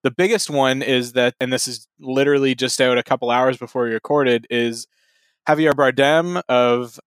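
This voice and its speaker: A man co-hosting a casual podcast, relaxed and swearing freely, chuckling often between news items. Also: medium pitch, normal speed, clear, resonant tone, dry recording. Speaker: podcast co-host.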